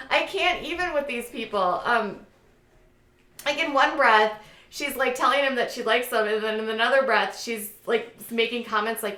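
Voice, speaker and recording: A woman's voice: fairly high pitch, normal speed, bright, forceful tone. Gossipy woman in an echoey room. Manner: gossipy, sarcastic, lots of "like" fillers; acts out quotes in mocking voices. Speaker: reality TV commentator. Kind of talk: casual recap commentary.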